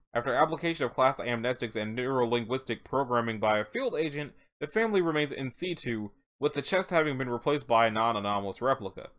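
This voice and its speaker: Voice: mid-range voice, a bit bright. A tired narrator reading a wiki entry aloud, stumbling over words and adding casual asides. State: tired, yawning. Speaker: let's-read narrator.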